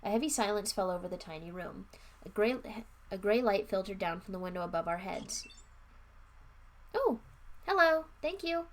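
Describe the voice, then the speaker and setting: A young woman streams a live book reading, narrating the text and breaking off for wry, offhand, chatty asides. Her mid-range voice is a little fast and a little mellow.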